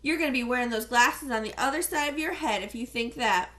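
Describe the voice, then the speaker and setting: Cocky teen boy bully read by a woman, loud mocking swagger, higher pitched, audiobook character. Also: fairly quick, lightly acted. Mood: taunting. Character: cocky teenage boy soccer star, trash-talking bully.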